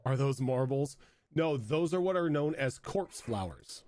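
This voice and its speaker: A man's voice: medium pitch, animated, a little slow, a little mellow. A man hosting and running a tabletop game, wrapping up a session in casual, rambling chat. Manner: chatty, rambling with fillers. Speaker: game master and host.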